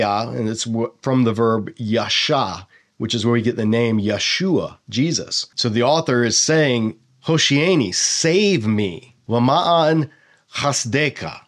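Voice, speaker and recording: Man teaching Hebrew words of a psalm. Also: mid-range voice. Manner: explains Hebrew words slowly, then speeds up in asides. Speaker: Bible teacher. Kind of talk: Bible study lesson.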